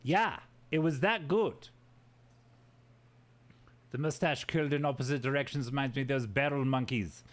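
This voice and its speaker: A man's voice: mid-range voice, normal speed, pauses often. A man casually chatting with his livestream audience in a goofy, playful way. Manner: goofy, playful banter with chat. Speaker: streamer.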